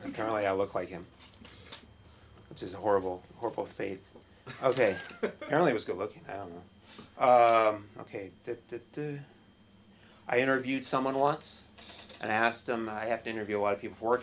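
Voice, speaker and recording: A middle-aged man doing a stand-up set at an open mic in a small comedy club, with a halting, self-deprecating delivery full of restarts. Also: fairly low pitch, steady tone, slight background noise.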